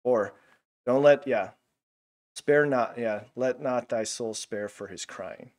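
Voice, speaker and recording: A man teaching a Bible lesson in a casual, animated way, full of fillers like "like". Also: medium pitch, slow pace.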